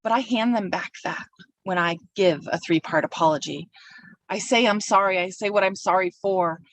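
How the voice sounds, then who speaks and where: A woman's voice: mid-range voice, moderate pace, recorded from a distance, low-quality recording. A woman delivering a sermon from a pulpit, reflective and personal, speaking her feelings aloud as she works through them. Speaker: minister.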